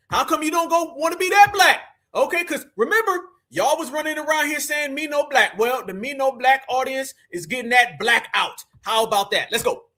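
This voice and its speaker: Man, AAE-live host, high bright voice, emphatic and mocking. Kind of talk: fired-up live commentary.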